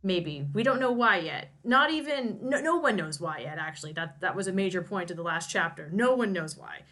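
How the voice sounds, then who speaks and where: A woman's voice: lowish voice, animated, fairly quick, fairly bright tone. A woman co-hosting a podcast, casually recapping a novel in a rambling, wry way with many restarts. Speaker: co-host summarizing a novel.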